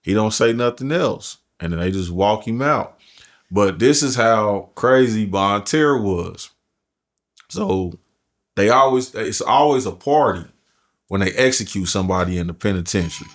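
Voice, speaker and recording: A man's voice: on the low side, animated, measured pace. A man telling a prison story in casual, profane street talk as a podcast guest. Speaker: podcast guest, formerly incarcerated.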